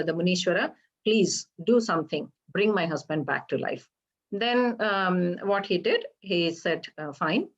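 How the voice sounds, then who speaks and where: A woman retelling a Hindu legend for a temple program, halting and explanatory, often pausing to ask her listeners questions. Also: fairly low pitch. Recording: slightly dull lo-fi recording.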